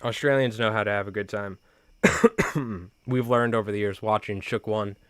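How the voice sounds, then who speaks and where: A man's voice: fairly low pitch, steady tone, moderate pace, clean tone. A man hosting a live fly tying stream, chatting casually in slang with viewers while he ties.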